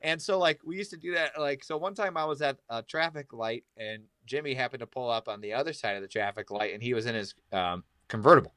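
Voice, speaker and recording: A man's voice: medium pitch, quick pace, few pauses, smooth, no room sound, studio quality. A man in casual podcast chat, rambling through stories with lots of filler words and swearing. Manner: rambling, loose, breaks into loud shouted impressions.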